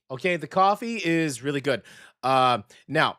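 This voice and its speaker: A man's voice: mid-range voice, expressive, measured pace, a bit bright, dry recording. Man, American, radio host, casual chatter, self-correcting, close dry studio sound. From United States. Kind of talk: casual radio food segment.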